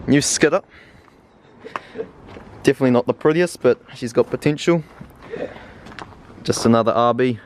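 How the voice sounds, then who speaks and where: A man's voice: mid-range voice, moderate pace, long pauses, a little hiss or hum. A man giving laid-back commentary on a car project vlog. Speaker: vlog narrator.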